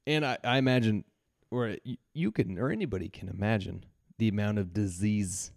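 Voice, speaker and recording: Here a man co-hosting a podcast talks fairly quickly in a lowish voice, recorded at studio quality with no room sound. His casual storytelling rambles, with restarts and plenty of laughter.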